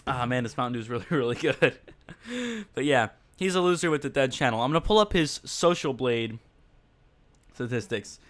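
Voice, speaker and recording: A man's voice: mid-range voice, expressive, moderate pace, fairly bright tone. A man hosting a podcast livestream, rambling casually in a blunt, mocking way and talking straight to his chat. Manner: blunt and mocking, with frequent fillers.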